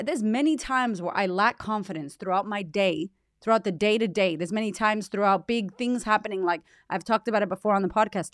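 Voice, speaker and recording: A woman's voice: medium pitch, no echo, studio quality. A woman in her thirties hosting her podcast in an emphatic, chatty way, swearing casually. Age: 30s. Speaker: podcast host. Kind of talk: casual motivational podcast talk. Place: home in Australia.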